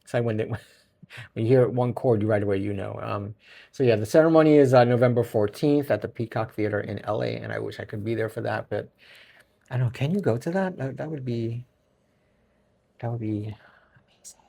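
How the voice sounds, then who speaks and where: A man's voice: medium pitch, a little fast, creaky, pauses often, warm tone, a little hiss or hum. A middle-aged man with a Brooklyn accent hosting a casual solo podcast, rambling and often restarting his sentences. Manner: rambling, self-correcting, chuckles often. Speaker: podcast host.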